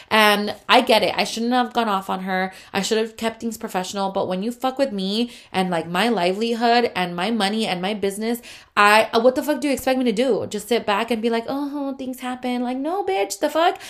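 A woman's voice: medium pitch, fairly even intonation, a little fast. Woman venting in a profane photographer rant. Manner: profane, heated venting with many fillers. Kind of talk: casual storytime rant.

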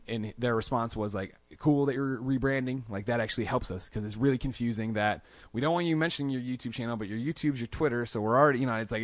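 Fast-talking man telling stories in a dry studio. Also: medium pitch, no room sound. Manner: animated, acts out quoted lines in a raised voice. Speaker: podcast guest. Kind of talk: casual storytelling interview. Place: podcast studio.

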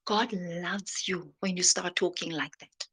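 Woman, slow unhurried delivery, dramatic faith sermon with hushed whispers. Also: on the low side, slightly rough. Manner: dramatic, drops into soft whispers. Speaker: motivational speaker. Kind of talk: inspirational sermon.

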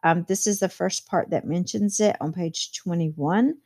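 A woman's voice: lowish voice, measured pace, warm tone. Woman teacher explaining a novel chapter. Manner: reads quotes aloud with plain commentary.

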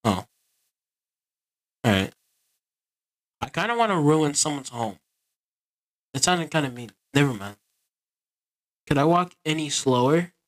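A man's voice: a little high, big pitch swings, a little slow, pauses often. A man giving casual, rambling gameplay commentary and talking to his viewers. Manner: rambling, easygoing, talks to viewers. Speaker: gaming video creator.

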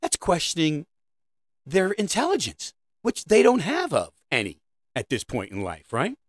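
A man's voice: fairly high pitch, wildly swooping pitch, normal speed, no room sound. Rambling, sarcastic middle-aged man. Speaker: comedic host. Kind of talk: comedic monologue.

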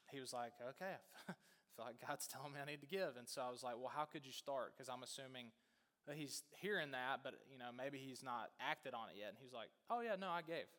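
A man preaching, telling a story in a casual, animated way with many fillers. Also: on the high side, long reverb tail. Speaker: pastor.

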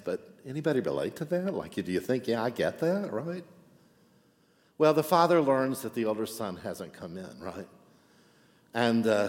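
A man's voice: on the low side, in a large hall. A man preaching a sermon in a chatty way, often checking in with the congregation with "right?". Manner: conversational, frequent "right?" asides, animated. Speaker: pastor.

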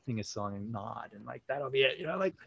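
A man's voice: mid-range voice, brisk, creaky, husky, dry recording, lo-fi sound. A young man, telling a personal story casually many fillers, acting out quotes. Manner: animated, full of 'you know, like' fillers, acts out quotes.

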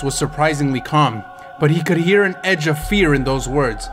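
A man's voice: on the high side, lively intonation, normal speed, over music. Intense male audiobook narrator. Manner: dramatic, intense storytelling.

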